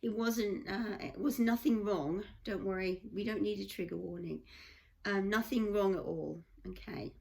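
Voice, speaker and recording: A woman's voice: mid-range voice, steady tone, measured pace, vocal fry, a little mellow. An English woman vlogger telling a rambling personal story in a chatty way, full of asides. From England. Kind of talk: casual storytelling.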